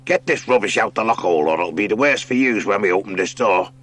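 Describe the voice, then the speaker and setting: A man's voice: fairly low pitch, expressive, fast talker, fairly bright tone. A man voicing a sarcastic, scolding male sea rat in a storybook reading. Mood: scornful. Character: squabbling male sea rat, sneering bully.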